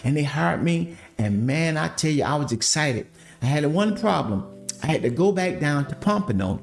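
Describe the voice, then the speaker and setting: A man's voice: fairly high pitch, lively intonation, normal speed, vocal fry, soft background music. A man telling his life story in a podcast, speaking animatedly and calling his listeners family. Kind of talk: casual testimony storytelling.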